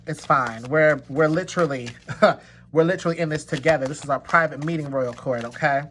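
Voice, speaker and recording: A man's voice: on the high side, fairly quick, a bit bright, slight background noise. A man giving a pick-a-card tarot reading to his viewers, talking emphatically and repeating his points to reassure them, with bursts of laughter. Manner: emphatic and repetitive, reassuring the listener; slips into laughter and exclamations. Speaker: tarot reader.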